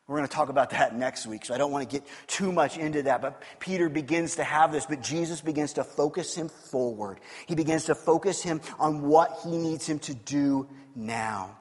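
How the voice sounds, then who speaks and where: Pastor preaching in a reverberant hall. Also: male voice, a little high. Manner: animated storytelling, swings from loud to hushed. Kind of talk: sermon.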